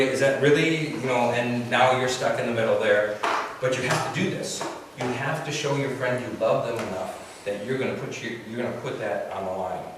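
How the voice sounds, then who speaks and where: A middle-aged man, a therapist, giving an earnest church seminar talk and acting out quoted voices in a raised pitch. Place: large echoing church hall. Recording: echoey room, distant mic, noisy.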